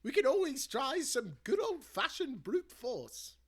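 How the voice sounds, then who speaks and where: A man voicing a warm, cheeky elderly grandmother in a storybook read-aloud, mostly in a high whisper. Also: very animated, measured pace, full character voice.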